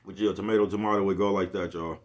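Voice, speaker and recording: A young man delivers a fast, rambling vlog monologue in a low, a little mellow voice with fairly even intonation. Laughing often and swearing heavily, he uses crude slang and keeps asking "you know what I'm talking about".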